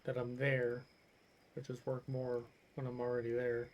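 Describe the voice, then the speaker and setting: A man's voice: medium pitch, monotone, moderate pace, muffled recording, slight background noise. Fields: rambling, swearing young male streamer. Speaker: game streamer. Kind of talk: casual chat while gaming.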